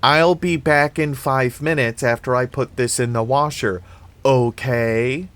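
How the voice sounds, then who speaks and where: Man doing a high, sarcastic teen babysitter, quick quips, storybook reading. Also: fairly even intonation, a bit bright, clean tone, natural voice. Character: teenage girl babysitter, wisecracking and jumpy.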